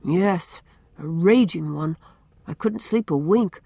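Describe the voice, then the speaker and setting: A woman's voice: fairly low pitch, slow pace, gravelly, dark tone, husky, dry recording, heavily acted. A woman voicing a sensitive, dreamy young boy who hates pain, earnest and pleading.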